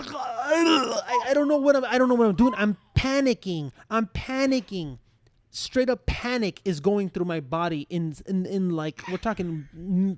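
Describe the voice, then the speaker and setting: A man's voice: high-pitched, no room sound. Rambling young man telling a story. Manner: rambling, animated retelling with many fillers and restarts. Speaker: podcast co-host. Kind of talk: casual storytelling.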